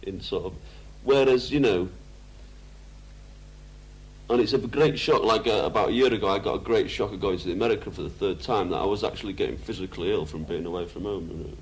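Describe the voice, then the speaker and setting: A man's voice: lowish voice, fairly quick. A man in an archival interview, rambling through anecdotes, laughing, with many "you know"s. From England. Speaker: musician interviewee.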